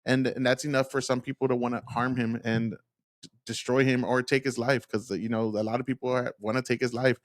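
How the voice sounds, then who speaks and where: A man's voice: medium pitch, level tone, a little fast, dry recording, studio quality. A man giving casual, worked-up reaction commentary on interview clips, blunt and profane.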